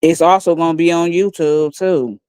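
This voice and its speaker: A woman livestreaming on her phone, taunting and mocking others in a calm, profane, smooth way. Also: sits low, normal speed, dry recording. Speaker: livestream host. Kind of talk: casual livestream rant.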